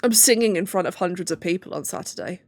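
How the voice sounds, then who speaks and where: Tearful young woman streaming, low voice. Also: fast, gravelly, dry recording, clean studio sound. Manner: tearful self-talk with nervous laughs. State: on the verge of tears. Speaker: livestreamer and PhD student. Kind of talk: casual livestream chat.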